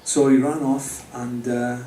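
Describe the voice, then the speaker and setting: Man with a mellow voice talking straight to a live audience about his faith, recorded from a distance. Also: mid-range voice, level tone, a little slow. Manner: conversational, speaks directly to the audience. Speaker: speaker giving his testimony. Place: pub or club venue with an audience. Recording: roomy, distant mic with faint background noise.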